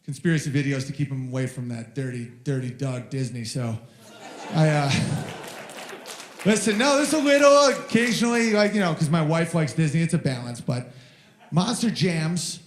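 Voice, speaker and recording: A man in his thirties doing a rambling stand-up comedy set on stage, telling stories about his toddler and shouting the child's lines in a high voice. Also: lively intonation, normal speed. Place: live venue with audience. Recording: roomy live venue sound.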